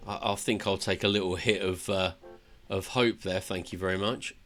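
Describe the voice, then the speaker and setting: A man's voice: sits low, fairly even intonation, moderate pace, fairly bright tone, soft background music. A man streaming a game live, reading character dialogue aloud and making joking asides between lines.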